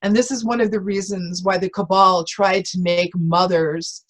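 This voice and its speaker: Woman guest, reverend, earnest and heartfelt, mid pitch, casual spiritual chat. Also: steady tone, moderate pace, low-quality recording. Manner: earnest, heartfelt, with frequent restarts.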